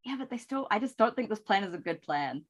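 A woman's voice: mid-range voice, expressive, quick pace. A woman co-host chatting casually, blunt and skeptical. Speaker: podcast co-host. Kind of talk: casual chat.

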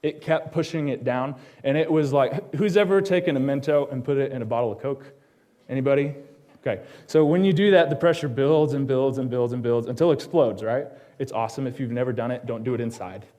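Man preaching a personal sermon. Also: mid-range voice. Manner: personal storytelling with quick asides to the congregation; drops to a hushed tone on solemn lines. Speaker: pastor.

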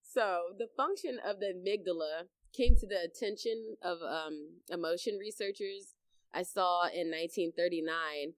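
A young adult woman co-hosting a casual chat, telling stories with lively acted-out reactions and frequent laughter. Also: lowish voice, moderate pace, dry recording. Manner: animated storyteller, acts out her own reactions loudly, laughs often. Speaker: podcast co-host.

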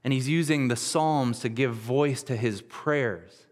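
A man's voice: mid-range voice, unhurried, long reverb tail. A male pastor preaching a sermon, retelling a scripture story in a casual, storytelling way.

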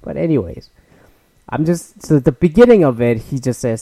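A man's voice: mid-range voice, lively intonation, moderate pace, warm tone, no echo. Rambling, profane man ranting solo. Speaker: podcast host. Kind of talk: casual solo rant.

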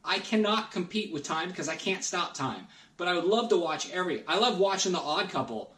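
A man's voice: sits high, expressive, fairly quick, fairly bright tone. A man guest on a collecting podcast, talking in an earnest, rambling way with many restarts. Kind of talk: casual podcast chat. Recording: roomy, distant mic.

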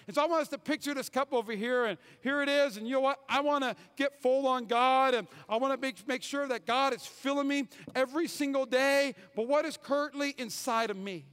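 High-voiced pastor preaching in a reverberant hall. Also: male voice, fairly quick, few pauses, clean tone. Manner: emphatic, repeats key phrases, swings from loud to hushed. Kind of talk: sermon. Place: church sanctuary. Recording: hall reverb, church sanctuary.

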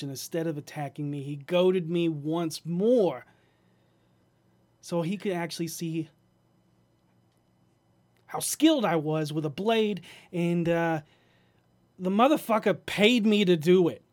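A man's voice: fairly high pitch, slow, long pauses. Man doing a grating nasal goblin. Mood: crude, defiant. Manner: loud, swearing, blunt. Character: crude reformed male goblin thief.

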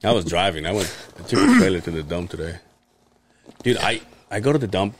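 A man's voice: sits low, animated, a little fast, a little hiss or hum. A man co-hosting a casual podcast chat, telling profane stories and acting out the people he quotes. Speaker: podcast co-host.

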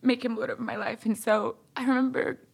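A young woman from Ohio sharing her personal faith testimony as a guest, animated, acting out what others said, with many fillers. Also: on the high side, brisk, vocal fry, slightly rough. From Ohio, USA. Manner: animated retelling, voices others' quotes, frequent fillers.

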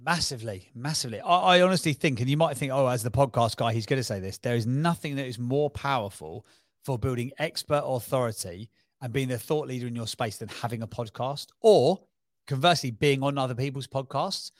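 An eager, persuasive man with a Cockney accent makes his case in a casual podcast chat. His voice sits at an ordinary pitch, and he often restarts his sentences. The sound is close and dry, with no room around it. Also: dry recording. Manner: enthusiastic, persuasive, quick with restarts. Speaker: podcast guest, brand strategist.

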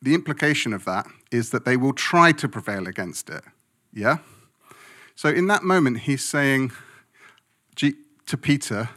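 A man's voice: mid-range voice, animated, unhurried, bright, forceful tone. Guy pastor preaching, emphatic, conversational, mid voice. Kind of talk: sermon.

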